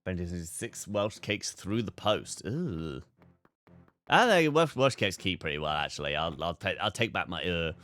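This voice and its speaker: A man's voice: sits low, moderate pace, hardly any pauses, fairly bright tone, soft background music. A young man streaming a game, chatting casually, swearing freely and breaking into laughter. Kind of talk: live gameplay commentary.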